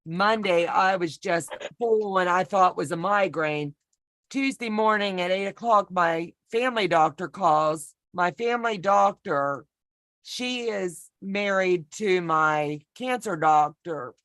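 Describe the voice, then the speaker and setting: A woman's voice: fairly low pitch, a bit bright, no echo. A woman telling a rambling personal story in casual chat over a video call from home, chatty and folksy with self-deprecating humor. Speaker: co-host of a sewing pattern walk-through.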